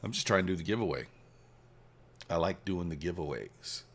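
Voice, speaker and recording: A man hosting a trading livestream, casually reading and answering viewer chat while he trades, swinging between hyped shout-outs and quiet muttering. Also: low-pitched, moderate pace, creaky. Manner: hypes viewers, reads chat aloud, shifts from excited shouts to mumbling. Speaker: livestream host, futures trader.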